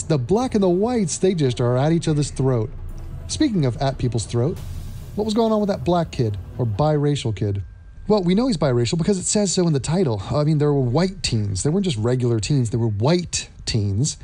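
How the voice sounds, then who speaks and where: Male vlog commentator, sarcastic and mocking, with an animated, warm voice. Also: fairly high pitch, a little fast, soft background music.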